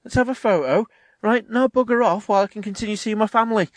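A man doing a mocking impression of a self-important male celebrity actor, loud and high. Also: quick pace, no echo, lightly acted.

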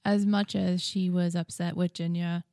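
A woman's voice: fairly low pitch, little pitch movement, moderate pace, mellow, no room sound, clean studio sound. A woman co-hosting a casual book discussion podcast who chimes in with short, chatty reactions. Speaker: podcast co-host.

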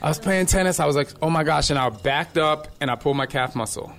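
Energetic fitness guy, middle-aged, chatty storyteller, acts out the quotes. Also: a little high, fast talker, vocal fry. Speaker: fitness instructor. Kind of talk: casual chat.

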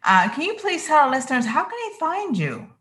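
An enthusiastic woman hosts a podcast interview in a casual chatty way. She affirms her guest warmly and often. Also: high-pitched, big pitch swings, a little fast. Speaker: podcast host.

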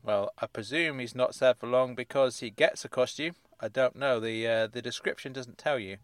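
A man's voice: medium pitch, normal speed, no room sound. A man reading episode synopses aloud and adding dry, sardonic asides, chuckling as he goes. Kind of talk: casual comic commentary.

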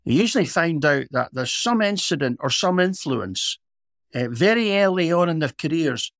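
Scottish man with a slightly higher voice. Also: animated, dry recording, studio quality. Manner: measured, reflective anecdote-telling. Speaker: podcast co-host, former police officer. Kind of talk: casual storytelling.

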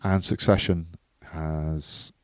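A man's voice: a bass voice, fairly even intonation, slow pace, fairly bright tone, clean tone, dry recording. A man co-hosting a podcast, talking in a laid-back, chatty way. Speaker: podcast co-host. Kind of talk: casual chat.

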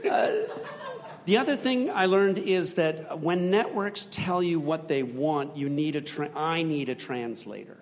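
Man, slightly high voice, candid and wry, hesitant, reverberant hall. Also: unhurried. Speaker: panelist, TV show creator. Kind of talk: candid panel talk. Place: live festival panel in a large hall.

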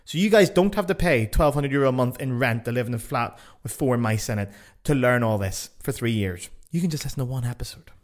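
A man's voice: medium pitch, animated, brisk. A Northern Irish man hosting a podcast in a casual monologue, blunt and sweary, mocking himself as he goes. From Northern Ireland. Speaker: podcast host.

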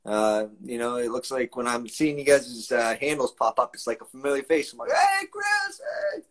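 A man's voice: medium pitch, fairly even intonation, moderate pace. A man hosting a live-streamed music show, folksy and upbeat as he chats and greets viewers by name. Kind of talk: casual chat. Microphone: live stream mic.

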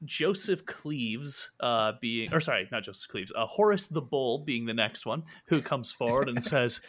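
A man narrating as game master of a tabletop game, relaxed, with many filler uhs. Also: mid-range voice, normal speed, few pauses.

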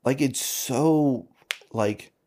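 A man's voice: mid-range voice, extremely slow, mellow. Male podcast co-host, laid-back, dry reactions, casual book-club talk.

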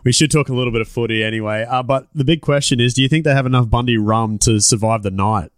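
A man's voice: medium pitch, fast, clear, resonant tone, no echo. Laid-back Australian man hosting a podcast. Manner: laid-back, laughs often, swears casually. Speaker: podcast host. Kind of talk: casual podcast chat.

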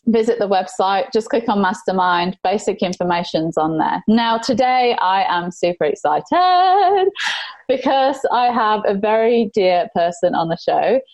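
A woman's voice: medium pitch, lively intonation, a little slow, a little mellow, no room sound, low-quality recording. A woman hosting a faith-based business podcast, gushing and emotional as she introduces her guest. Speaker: podcast host.

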